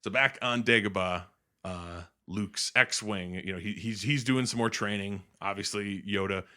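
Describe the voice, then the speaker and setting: A man retelling a film in casual chat, animated and swearing, slipping into quick impressions of the characters. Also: fairly low pitch. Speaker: co-host. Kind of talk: casual movie recap chat.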